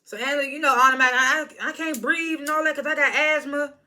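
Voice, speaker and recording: A woman's voice: high-pitched, steady tone, fast talker, sharp tone. Chatty woman recapping reality TV. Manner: chatty, laughs often, mimics cast members. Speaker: reality show reviewer. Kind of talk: casual recap commentary.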